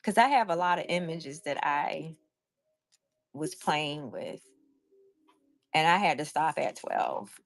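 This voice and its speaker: Excitable woman live-selling crafts. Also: deep voice, slow pace, long pauses. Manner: excitable and chatty, talks to viewers in the chat; loud, by her own word. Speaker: live-stream craft seller. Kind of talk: casual live-stream chat.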